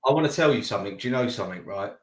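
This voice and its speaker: A man's voice: on the low side, expressive, very fast. A man in his thirties hosting an interview, talking in a heated, rambling way and repeating words as he goes. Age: 30s. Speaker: interview host. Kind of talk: casual interview chat. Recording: echoey room.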